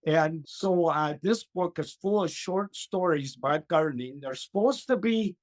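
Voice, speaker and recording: A man's voice: a little high, measured pace. An older man, a gardening expert, telling a funny story as an interview guest, acting out the voices and laughing often.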